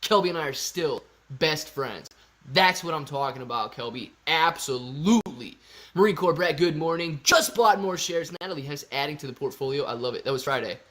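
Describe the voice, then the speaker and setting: A man hosting a casual livestream, reading viewer super chats aloud in a slangy, excitable way with sudden loud bursts. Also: a little high, fairly quick. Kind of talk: casual live-stream chat.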